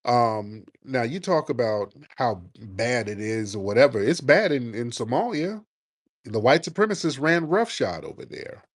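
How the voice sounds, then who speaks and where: A man's voice: mid-range voice, expressive, moderate pace, no room sound, studio quality. Combative male call-in radio host. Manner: sharp, argumentative, pressing the caller.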